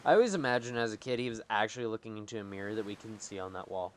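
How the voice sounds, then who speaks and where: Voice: medium pitch, very fast, few pauses. A streamer giving casual, rambling let's-play commentary, full of "like.". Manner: chatty, rambling, lots of "like". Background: game music.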